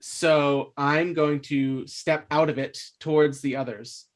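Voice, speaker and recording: A man playing a tabletop game, halting and hesitant, describing his character's moves. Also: fairly high pitch, steady tone. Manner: halting, hesitant, self-amused. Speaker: player. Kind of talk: casual tabletop play.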